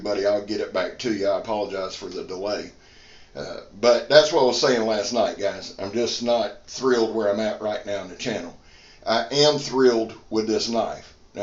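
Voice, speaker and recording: A man hosting a casual knife review vlog, folksy and self-deprecating, swearing casually. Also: fairly low pitch. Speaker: knife reviewer and channel host. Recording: roomy, slightly muffled sound.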